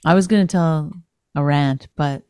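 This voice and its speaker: A woman's voice: sits low, moderate pace, warm tone, clear, resonant tone, no echo. A woman co-hosting a podcast in casual chat, ranting with lots of swearing and mocking people in put-on voices. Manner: profane, ranting, mocks celebrities in put-on voices. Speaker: podcast co-host.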